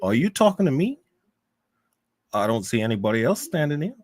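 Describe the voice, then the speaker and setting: A man's voice: mid-range voice, very animated, fairly quick, a little mellow, natural voice. An Australian man putting on an American accent to voice a tough movie man who confronts his own mirror in clipped, repeated questions. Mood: challenging. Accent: put-on American.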